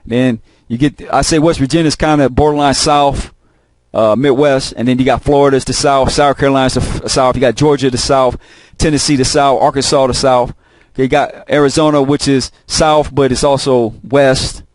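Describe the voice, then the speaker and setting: A man's voice: medium pitch, steady tone, normal speed, dry recording. Profane rambling man, dry close sound. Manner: rambling, repeats himself, heavy cursing. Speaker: host of a video channel. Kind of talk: casual profane monologue.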